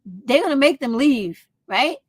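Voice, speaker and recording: A woman's voice: sits high, expressive, measured pace, dry recording. A woman, talking straight to her viewers in a casual opinion vlog, blunt and profane. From United States. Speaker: vlog host.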